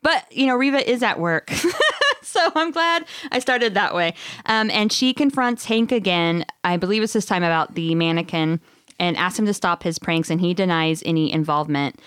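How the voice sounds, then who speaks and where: A woman hosting a casual chat, recapping a story in an animated, giggly way. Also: on the low side, normal speed, smooth, no room sound, studio quality. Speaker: podcast host recapping a book.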